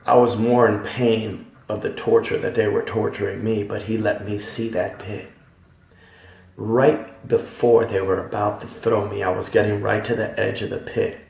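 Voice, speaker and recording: A man giving a dramatic Christian testimony, emphatic, swinging from hushed tones to loud ones. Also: on the low side, flat delivery, normal speed, creaky. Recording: echoey hall, voice from far off.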